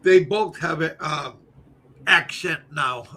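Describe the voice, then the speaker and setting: Slow, bright-voiced older man host. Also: a little high. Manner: halting, repeats words, many fillers. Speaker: channel host. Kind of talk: casual livestream chat.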